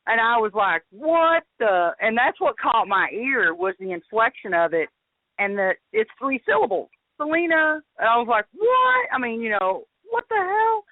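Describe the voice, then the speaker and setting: Woman host, casual storyteller with lively quoted voices, phone-line sound, dry. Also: normal speed, no room sound. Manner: animated, jumps into high voice when quoting.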